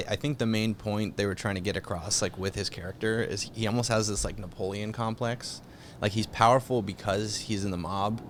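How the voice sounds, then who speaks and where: Low-voiced young man, casual and profane. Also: slight background noise. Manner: loose, profane, animated storytelling. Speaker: podcast co-host. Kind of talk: casual chat.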